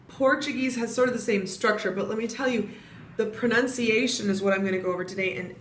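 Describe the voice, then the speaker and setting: A woman's voice: mid-range voice, fairly bright tone. Chatty young American woman in an echoey room. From United States. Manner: chatty, explains with spelled-out examples. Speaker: vlogger teaching Portuguese pronunciation. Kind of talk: casual vlog lesson. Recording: echoey room with faint ambient noise.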